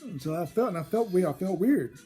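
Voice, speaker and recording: A man's voice: high voice, animated, a little fast, warm tone, slightly rough, faint music behind. A man telling a personal story from his childhood, rambling and often repeating and restarting his phrases. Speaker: storyteller host.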